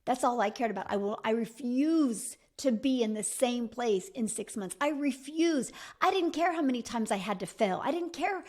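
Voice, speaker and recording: A woman's voice: fairly high pitch, lively intonation, moderate pace, few pauses, a little mellow. A middle-aged woman giving a motivational coaching talk as a business mentor, emphatic and repetitive, speaking straight to the listener.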